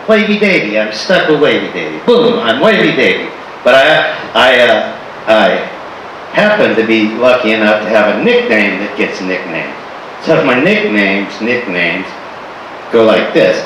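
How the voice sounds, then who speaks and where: A man from Florida telling comic stories on stage in an animated, exaggerated, playful way. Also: mid-range voice. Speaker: performer. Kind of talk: stand-up storytelling. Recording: echoey hall from far off with faint noise.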